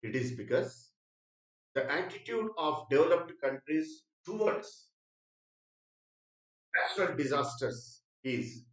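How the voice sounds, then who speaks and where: A man teaching an exam prep lecture in Indian English, repeating key phrases and often clearing his throat. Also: fairly high pitch, lively intonation, slow pace, pauses often, a bit bright, reverberant, distant mic, rough recording. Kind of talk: spoken lecture.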